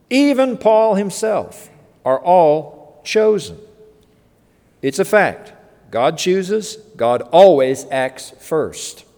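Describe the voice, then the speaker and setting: Emphatic male preacher in an echoing hall. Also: fairly high pitch. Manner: earnest, emphatic, varying pace with slow stressed phrases. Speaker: pastor. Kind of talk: sermon. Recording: long reverb of a hall.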